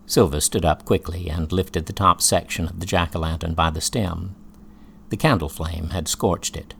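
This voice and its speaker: A man reading an audiobook in a slow, measured storytelling voice. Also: low voice, steady tone, creaky, slight background noise. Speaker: audiobook narrator. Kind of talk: scripted audiobook narration.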